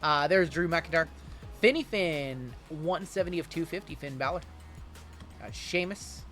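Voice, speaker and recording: A man's voice: a little high, expressive, a little slow, fairly bright tone, faint music behind. A man hosting a trading card break livestream, chatting casually and answering viewer questions as he opens packs.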